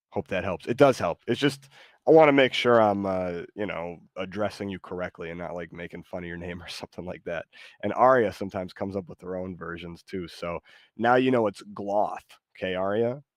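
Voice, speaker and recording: Low-voiced rambling American streamer man. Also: dry recording, clean studio sound. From United States. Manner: hesitant, rambling, reads chat aloud. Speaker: streamer host. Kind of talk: casual live-stream chat.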